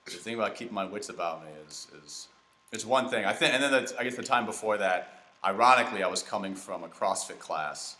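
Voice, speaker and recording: Deep-voiced man telling rambling stories. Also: fairly quick, sharp tone. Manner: rambling storytelling with fillers and restarts. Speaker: comedy podcast host. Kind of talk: casual chat while gaming. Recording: echoey room.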